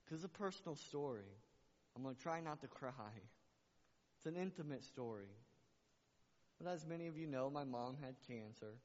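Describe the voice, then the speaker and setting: A man's voice: medium pitch, lively intonation, moderate pace, long pauses, darkish tone. A man preaching a sermon to his church, passionate and repeating phrases for emphasis. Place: church sanctuary. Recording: muffled recording with long hall reverb.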